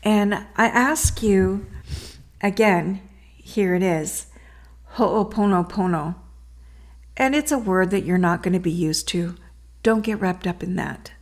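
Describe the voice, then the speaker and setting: A woman medium talks through a healing prayer at a very unhurried pace. She is gentle and repetitive, with soft fillers and a mid-range pitch. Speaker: spiritual medium. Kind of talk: unscripted spiritual talk.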